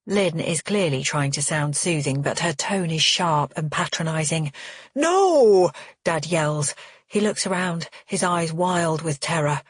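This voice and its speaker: A woman reading a first-person thriller audiobook in an even, measured way. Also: low-pitched, breathy edge, no room sound, studio quality. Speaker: audiobook narrator.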